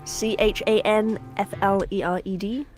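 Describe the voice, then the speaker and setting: A woman's voice: medium pitch, level tone, moderate pace, over music. A woman co-hosting a game stream, reading viewer comments aloud and laughing often in casual chat. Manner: giggly, playful, reads comments aloud.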